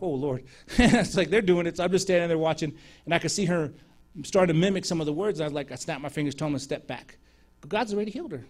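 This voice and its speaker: A man preaches from the pulpit, telling stories with plenty of energy. He acts out the voices of the people in his stories and laughs often. His voice sits fairly high for a man. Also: darkish tone. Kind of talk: sermon storytelling.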